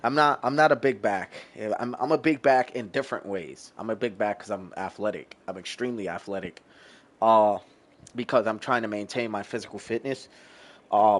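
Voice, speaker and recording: A man in his thirties chatting casually with viewers on a gaming livestream, rambling, laid-back and swearing freely while he eats. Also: on the low side. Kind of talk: casual stream chat with viewers.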